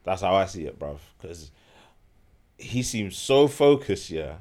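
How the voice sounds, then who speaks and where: A man's voice: low voice, sing-song, measured pace, a little mellow. A young man, co-hosting a podcast in laid-back, slangy casual chat with frequent chuckles. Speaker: podcast co-host.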